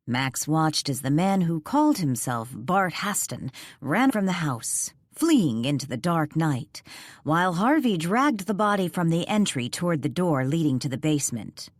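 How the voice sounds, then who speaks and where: A woman narrating a ghost mystery audiobook in a measured, suspenseful way on a close studio mic. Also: low-pitched, big pitch swings, no echo. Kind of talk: scripted narration.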